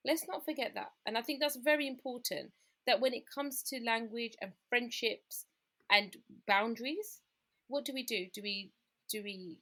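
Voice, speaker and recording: A woman telling her own story in a candid, reflective conversation, growing quieter at the painful parts. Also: on the high side, normal speed. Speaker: guest sharing her experience.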